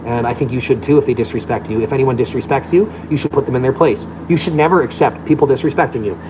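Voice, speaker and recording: A man's voice: medium pitch, lively intonation, fast talker, few pauses, background noise. A man ranting bluntly and combatively, swearing freely in a loose, profane monologue. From Alberta, Canada. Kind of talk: profane rant.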